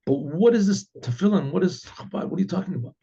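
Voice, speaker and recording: Grown man doing a sick kid in a story, eager and pleading, bit higher than his own gravelly voice, kinda dull lo-fi recording. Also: expressive, quick pace, warm tone, exaggerated voice. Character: sick excited twelve-year-old boy.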